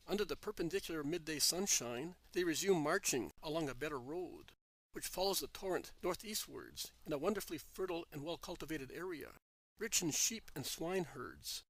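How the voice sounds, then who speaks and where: A man reads a book aloud in measured, even scripted narration. His voice sits slightly high. The recording is dry and close. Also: no echo, rough recording.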